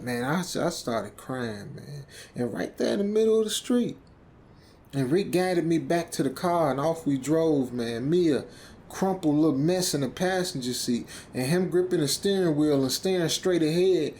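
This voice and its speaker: A man's voice: a little high, a little mellow, slight background noise. A man narrating a horror story as a rambling, stammering speaker who keeps ending phrases with "man".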